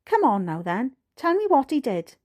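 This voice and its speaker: A woman's voice: high-pitched, big pitch swings, normal speed, a little mellow, pitched above the performer's own voice. A woman with a Welsh accent voicing a stern father in an audiobook reading. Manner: stern, firm.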